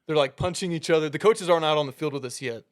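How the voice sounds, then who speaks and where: A young man co-hosting a podcast tells a story casually, animated and laughing through the punchlines as he acts out his coaches' lines. His voice is a little high, and he races along.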